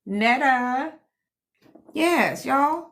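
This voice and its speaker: A woman's voice: high-pitched, animated, drawn-out words, a bit bright. A woman hosting a casual live stream at home, a self-described healer and teacher who reads comments, laughs often and talks to viewers in a sassy, playful way.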